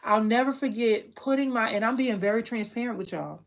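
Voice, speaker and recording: A woman's voice: fairly high pitch, brisk, gravelly. A woman who makes candles and teaches online, telling her own story to the camera in a candid, emotional way, often repeating herself.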